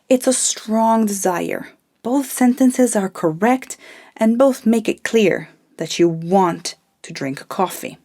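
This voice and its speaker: A woman narrates a scripted language lesson in a mellow, warm tone. She takes her time, pausing to model example phrases and explain each point patiently. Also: mid-range voice. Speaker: Italian language teacher.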